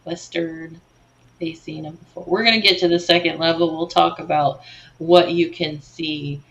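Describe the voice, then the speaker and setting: A woman's voice: deep voice, steady tone, moderate pace, fairly bright tone, highs cut off. A woman in her forties co-hosting a livestream, chatting casually over photos, tripping over words and laughing at herself. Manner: self-deprecating, stumbles over words and laughs. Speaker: co-host of a livestream slideshow.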